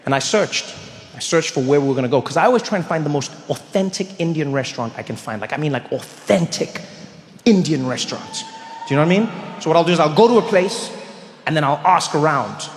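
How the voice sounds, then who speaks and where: Male stand-up, highish voice, lively delivery, reverberant hall, light noise. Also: quick pace. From South Africa. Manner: animated storytelling, bursts into loud shouts. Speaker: stand-up comedian. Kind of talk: stand-up comedy. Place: large theater stage.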